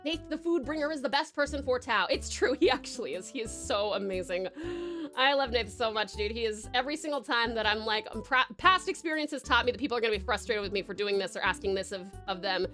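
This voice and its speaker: A young woman with an Australian accent and a high, bright voice chats loosely with her viewers on a live stream. She giggles often and rambles through plenty of ums and restarts, with soft music playing faintly behind her. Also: expressive, quick pace. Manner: bubbly, giggly, rambling with many fillers. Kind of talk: casual live-stream chat.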